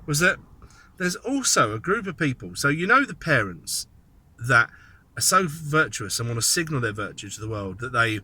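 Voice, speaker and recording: A man's voice: mid-range voice, very animated, normal speed, bright, forceful tone, slightly rough. A man giving a rambling, sardonic commentary monologue, thinking aloud as he goes. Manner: sardonic, mocking asides. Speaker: political commentator.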